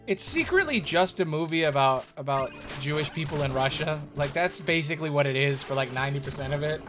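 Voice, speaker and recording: A man with a fairly quick, lively, high-leaning voice streams a game and chats casually with his viewers. He rambles, talking to chat and restarting sentences often, while video game music plays loudly underneath.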